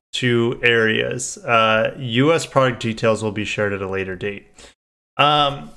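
On a live stream, a chatty car channel host reads a press release, repeatedly breaking off to riff and correct himself in loose, offhand asides. His voice holds a middle pitch with a fairly bright tone.

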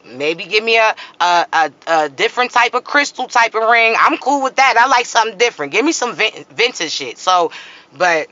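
A woman's voice: fairly high pitch, expressive, moderate pace, sharp tone, no room sound, dull audio. A woman giving blunt, profane, joking spiritual advice in a casual vlog. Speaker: spiritual content creator.

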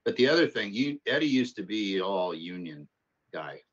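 A math instructor with a very low, deep, breathy-edged voice speaks at normal speed, relaxed and conversational. He drifts through rambling anecdotes before easing into the lecture material. The muffled, lo-fi audio sounds like an online class recording.

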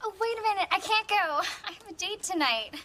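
A woman's voice: extremely high pitch, lively intonation, brisk, pushed and bright, exaggerated voice. An actress playing a sarcastic, wisecracking young woman in a sitcom. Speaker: sarcastic roommate. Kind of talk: sitcom acting.

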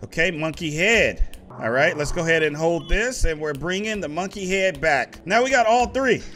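A man playing a video game, commenting to viewers in a chatty, excitable way and talking back to the game. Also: fairly high pitch, normal speed, slight background noise. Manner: excitable, talks to the game, rises to loud outbursts. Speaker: gaming YouTuber. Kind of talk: let's play commentary. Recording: music from the game behind the voice.

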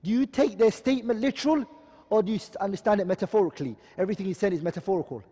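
A man's voice: high-pitched, rapid-fire, warm tone, slightly rough, long reverb tail. A man teaching a class, explaining terms and asking his students questions as he goes. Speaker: Islamic studies teacher. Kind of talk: classroom lecture.

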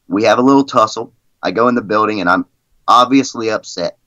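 Speaking briskly in a lowish, sharp-toned voice, a league president tells rambling, casual stories as a guest on a podcast interview, peppered with "you know" and "I mean." The sound has no echo and is lo-fi.

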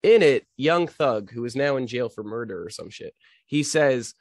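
A man in loose comedy podcast banter, teasing his co-host and sounding incredulous. His voice is mid-pitched. The sound is dry and close. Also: very animated, moderate pace, no echo.

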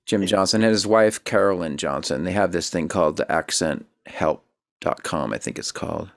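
A man's voice: deep voice, normal speed, gravelly, a bit bright. A man hosting an interview over a video call, chatting in an easygoing way with fillers and restarts. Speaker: podcast host. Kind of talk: casual interview chat.

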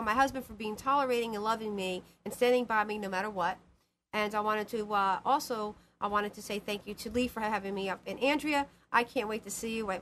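A woman's voice: mid-range voice, fairly bright tone, a little hiss or hum. A woman hosting a live call-in show as a psychic medium, talking in a rambling, emphatic way and repeating herself. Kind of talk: casual live call-in chat.

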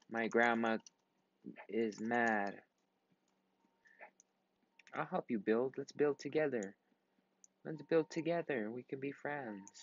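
A tired young man in his twenties, a gaming vlogger, rambles through casual commentary while playing a computer game, swearing often and bursting out suddenly. His voice is medium-pitched and the sound is lo-fi.

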